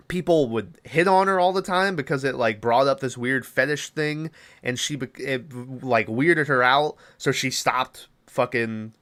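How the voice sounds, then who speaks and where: A man's voice: on the high side, fairly bright tone. A man hosting a podcast, recapping a movie in a rambling, casual way, full of filler words and swearing. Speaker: podcast host.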